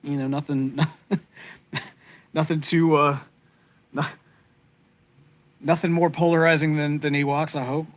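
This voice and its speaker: Speaking slowly and pausing often, a middle-aged male podcast co-host has a fairly high voice and a flat delivery. He rambles heartfeltly in a casual live-stream chat with viewers, full of fillers and restarts.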